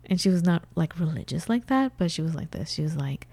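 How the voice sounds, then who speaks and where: A woman's voice: low voice, brisk, no echo. A woman co-hosting a casual talk show, telling a personal story and acting out conversations along the way. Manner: storytelling, animated retelling of conversations. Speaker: co-host. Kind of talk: casual chat.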